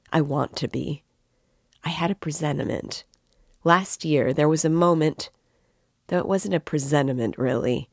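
A woman reading the part of an excitable, tipsy young man who rambles and declaims with passion. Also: low-pitched, vocal fry, no echo, clean studio sound. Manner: impassioned, rambling, emphatic.

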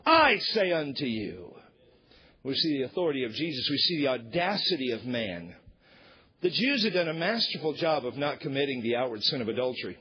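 A pastor preaching a sermon, emphatic, swinging between loud shouted points and low quiet asides. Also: male voice, lively intonation, fast, husky, dull audio.

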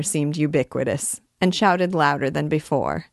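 A woman reading a classic novel aloud in a measured, expressive way. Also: deep voice, no echo, clean studio sound. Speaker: reader and teacher.

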